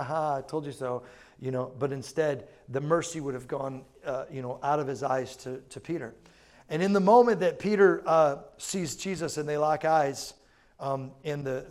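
A pastor with a medium-pitched, somewhat dark male voice preaches in a chatty, informal style. His conversational sermon is full of asides to the congregation.

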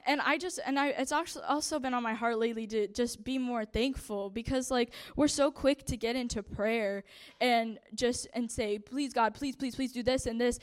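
Young woman, high voice, nervous giggles, church testimony. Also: moderate pace. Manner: nervous, shaky, laughing between phrases. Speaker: church member giving testimony. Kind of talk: personal testimony to a group.

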